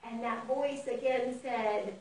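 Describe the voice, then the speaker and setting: A woman preacher tells a fable with dramatic swings in loudness, in a high voice at a slow pace. She is recorded from afar in a very echoey sanctuary, with a faint hiss behind her. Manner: expressive, dramatic storytelling with big swings in loudness. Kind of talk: storytelling sermon. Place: fellowship sanctuary. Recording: echoey hall from far off, faint noise.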